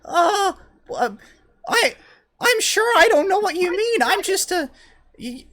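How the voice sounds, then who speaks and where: A shifty adult gnome hustler squeaks in a high, bright boyish voice, stammering with fake innocence, as a man puts him on. The voice sits far above a normal man's pitch and comes out loud and strained. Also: very animated, takes it slowly, full character voice. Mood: fake innocent. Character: adult male gnome posing as a small boy, shifty hustler.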